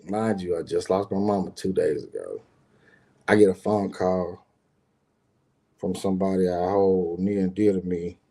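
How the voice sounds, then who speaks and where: A middle-aged business owner speaks in a low, dark voice, steady and unhurried, leaving long pauses. He's casually telling a personal story to his viewers, meandering, slangy and swearing freely.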